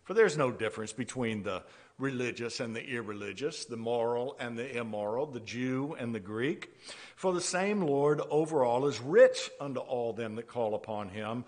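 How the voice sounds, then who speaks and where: A man preaching a sermon with a halting delivery, repeating words as he goes and laughing softly between points. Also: medium pitch, animated. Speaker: pastor. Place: church sanctuary. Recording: long church-hall reverb.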